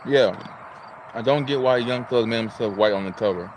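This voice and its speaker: A man's voice: medium pitch, moderate pace, noisy background. A man from Illinois hosting a casual livestream, chatting, greeting viewers and reading out their chat messages. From Illinois, United States. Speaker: livestream host.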